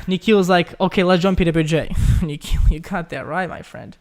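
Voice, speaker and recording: A man's voice: sits high, moderate pace. A young man from Ukraine hosting a casual live stream, chatting loosely as he reads viewers' questions aloud and keeps calling them guys.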